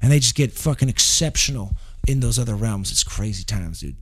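A man's voice: mid-range voice, lively intonation, fairly quick, a bit bright, slightly rough. Profane, easygoing man chatting. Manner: swears constantly, says "dude" often. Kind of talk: casual chat.

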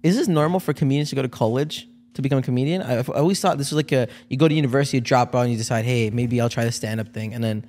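Quick, eager mid-voiced male host. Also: medium pitch, darkish tone. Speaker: podcast co-host. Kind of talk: casual podcast chat.

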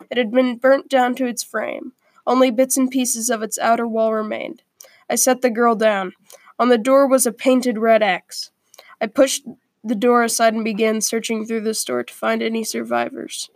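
A woman reading a first-person story aloud in a quiet, earnest way, with small slips along the way. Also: a little high, no echo.

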